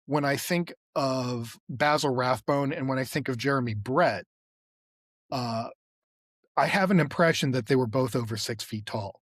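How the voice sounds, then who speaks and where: A man's voice: medium pitch, unhurried, a bit bright, dry recording, studio quality. Rambling male podcast co-host. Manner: rambling, lots of fillers and restarts. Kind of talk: casual chat.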